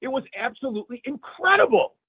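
A male pastor giving an emotional interview testimony, animated and repeating words when moved. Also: very high voice, quick pace, slightly rough, no room sound. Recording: phone-like remote line.

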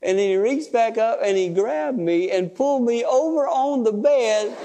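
A man preaching, telling a personal story in a folksy, emotional, animated way. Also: extremely high pitch, moderate pace, background noise. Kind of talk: sermon storytelling. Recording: long hall reverb.

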